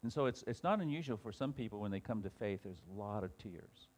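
Lowish-voiced man teaching a Bible class. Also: expressive, fast, a little mellow. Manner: reads scripture aloud with rising emphasis, then talks it over with many restarts.

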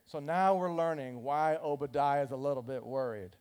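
Animated high-voiced male preacher. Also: normal speed, few pauses. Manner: animated, conversational, acts out scripture characters. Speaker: pastor. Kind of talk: sermon.

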